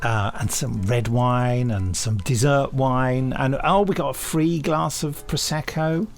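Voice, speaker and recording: A man's voice: mid-range voice, a little slow, creaky. An English man co-hosting a podcast in casual chat, gushing and laughing often. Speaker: podcast co-host.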